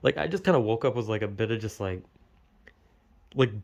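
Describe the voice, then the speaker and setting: A man's voice: fairly low pitch, brisk, vocal fry. Rambling young man telling a dream. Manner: rambling, heavy filler words and swearing; animated, incredulous. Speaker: podcaster recounting a dream. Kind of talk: casual monologue.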